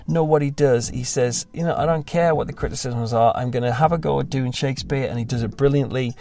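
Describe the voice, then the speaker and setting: A man's voice: medium pitch, quick pace, few pauses, warm tone, soft background music. A young man, a pastor, talking casually and reflectively, self-deprecating and sometimes mimicking other voices.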